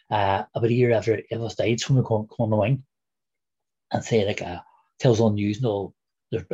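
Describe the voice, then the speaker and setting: Derry man in his 60s, very husky, mellow, rambling chat full of fillers, slightly dull lo-fi recording. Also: lowish voice. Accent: Derry, Northern Irish. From Northern Ireland. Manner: rambling, many fillers and "there". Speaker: guest. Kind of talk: casual reminiscing interview.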